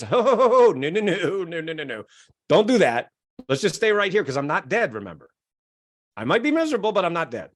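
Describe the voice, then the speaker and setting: A middle-aged man, a self-help author, explains his method in an interview, acting out quoted voices and chuckling often. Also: medium pitch. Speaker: guest, self-help author and keynote speaker.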